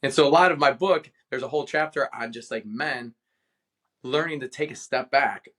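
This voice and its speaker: A male podcast guest from Cleveland with a mid-pitched voice recounts a personal story in a casual interview. He speaks with passion and lively storytelling energy. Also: normal speed. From Cleveland, Ohio, USA. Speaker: guest author, retired veteran.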